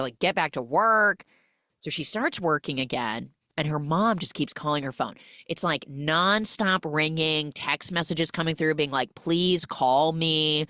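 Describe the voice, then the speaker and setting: In a low-pitched voice recorded without any room sound, a woman hosting a podcast runs through a film's plot. Her tone is casual and joking, and she brings the characters' lines to life.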